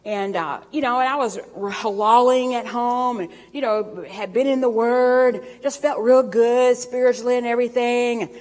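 A woman's voice: a little high, steady tone, darkish tone. Folksy preacher woman in a reverberant hall. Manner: folksy storytelling, laughing often, drawn-out scripture reading. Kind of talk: sermon.

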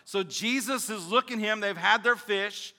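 Male pastor, impassioned sermon delivery that rises and drops, bright tone, long hall reverb. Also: high voice, unhurried. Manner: impassioned preaching, swings from loud to quiet.

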